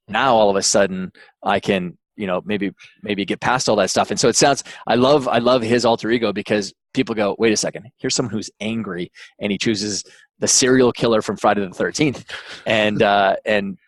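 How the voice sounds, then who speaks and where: A man, an author interviewed as a guest, telling an anecdote in a relaxed way with frequent fillers and restarts. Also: on the low side, moderate pace, dry recording. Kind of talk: interview storytelling.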